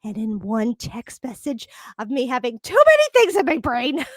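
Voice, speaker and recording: Podcast host, woman, high voice, animated storyteller, dry close mic. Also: normal speed, no echo. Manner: animated storytelling, laughing often. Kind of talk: casual chat.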